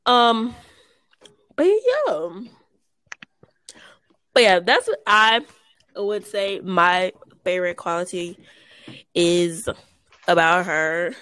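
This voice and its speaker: Woman in her twenties, podcast co-host, chatty and quick to laugh, dry close sound. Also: lowish voice, animated, a bit bright, no room sound. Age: 20s. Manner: chatty, laughs often, says y'all. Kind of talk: casual chat.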